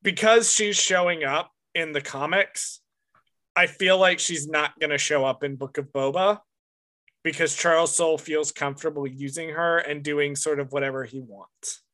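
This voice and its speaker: A man with a fairly high, bright, forceful voice talks through a relaxed podcast chat. He is wry and self-mocking and drops quick asides as he goes. His tone stays sharp and lively throughout. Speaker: podcast co-host.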